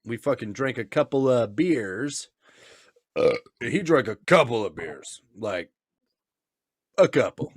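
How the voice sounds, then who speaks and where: A man's voice: mid-range voice, expressive, slow, pauses often. A man co-hosting a casual, boozy podcast chat, crude and laughing, who slips into goofy voices when he quotes people. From Nebraska, US. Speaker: podcast co-host. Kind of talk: casual drunk banter.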